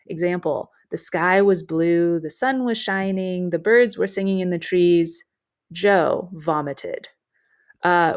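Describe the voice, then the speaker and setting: A woman teacher explaining a writing lesson in a measured way, with frequent fillers. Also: mid-range voice.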